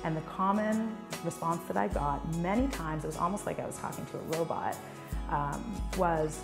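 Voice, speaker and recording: A woman's voice: medium pitch, lively intonation, moderate pace, gravelly, echoey room, over music. A woman interviewee giving earnest, frustrated personal testimony.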